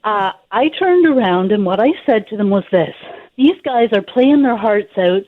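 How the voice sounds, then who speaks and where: A woman's voice: mid-range voice, animated, moderate pace. A woman calling in to a radio show, arguing her view passionately. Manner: passionate, firm opinions. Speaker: caller. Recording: phone line.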